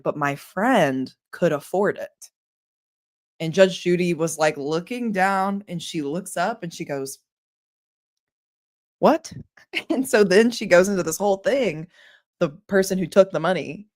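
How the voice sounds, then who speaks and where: A young woman chatting casually, retelling a story with animated quoted voices. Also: lowish voice. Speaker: co-host. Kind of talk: casual chat.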